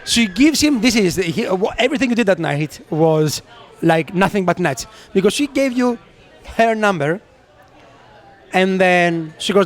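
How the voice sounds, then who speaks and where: Lively high-voiced man telling stories. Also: measured pace. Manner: animated storyteller acting out quotes, laughs often. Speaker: podcast co-host. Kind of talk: casual storytelling chat.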